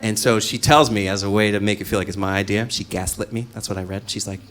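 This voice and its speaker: A man's voice: lowish voice, steady tone, quick pace, a bit bright. A man doing stand-up, telling a story in a profane, exasperated way. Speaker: stand-up comedian.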